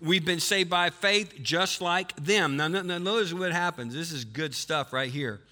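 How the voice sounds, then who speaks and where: Male pastor, sermon, high voice, very bright sharp tone, animated, questions the congregation. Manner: animated, quizzes the congregation, swings between fast and slow emphasis. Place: church before a live congregation.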